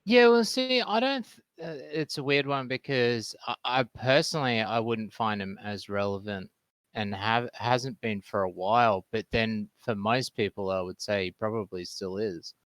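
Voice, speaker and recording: A man's voice: fairly low pitch, normal speed, a bit bright, no echo. Hesitant Australian man on voice chat. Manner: hesitant, full of ums and restarts. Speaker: call-in guest. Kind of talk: casual voice-chat debate.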